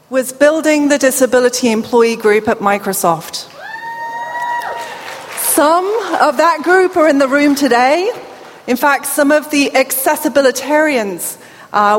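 A British woman in her forties with a deaf speech accent, giving an upbeat, chatty conference keynote to a crowd. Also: sits high. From England. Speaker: keynote speaker. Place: large conference hall. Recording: reverberant hall from a distance.

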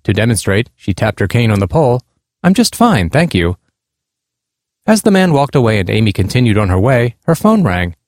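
A man earnestly reading aloud a personal essay about his blind parents' experiences, in a measured tone. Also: fairly low pitch, very animated, darkish tone, no echo, studio quality. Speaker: speaker on disability awareness.

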